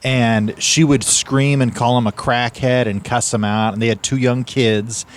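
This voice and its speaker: A man's voice: medium pitch, steady tone, a little slow. A man, the show's producer, chatting easily and agreeably in casual talk outdoors at a coffee shop. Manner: easygoing, agreeable back-channeling. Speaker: producer and co-host. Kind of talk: casual chat.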